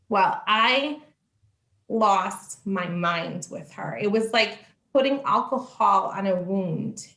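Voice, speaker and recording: A woman telling a personal testimony casually, animated, acting out the voices in her story and laughing often. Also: mid-range voice, normal speed, reverberant. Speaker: church member sharing testimony.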